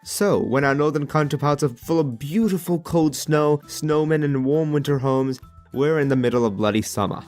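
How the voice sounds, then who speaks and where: A man from Australia with an Australian accent, telling a comedic animated story in voice-over with a sarcastic, casual, slang-filled manner. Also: fairly high pitch, moderate pace, soft background music.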